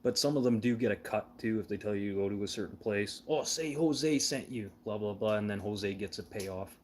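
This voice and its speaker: A man with a fairly low voice spins loose, meandering stories in casual chat. He swears often and laughs at his own tales. A faint background hum sits under the voice. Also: flat delivery, a little fast. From Canada. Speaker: show host.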